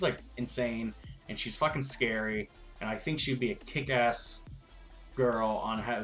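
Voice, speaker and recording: A man's voice: fairly low pitch, a bit bright. A man giving a casual, profane, rambling recap rant as a wrestling vlogger, with frustrated asides.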